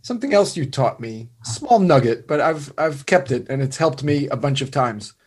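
A man's voice: mid-range voice, expressive, moderate pace, darkish tone, breathy edge. A man talking animatedly in a podcast conversation, scoffing and restarting his sentences.

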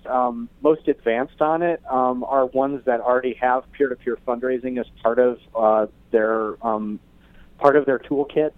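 A man's voice: medium pitch, steady tone, unhurried, no echo. A man speaks in a middle register, working through his answers with frequent ums and restarts. His voice comes over a narrow, phone-like radio line with no room sound at all. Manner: hesitant, many fillers and restarts. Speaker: interview guest, researcher.

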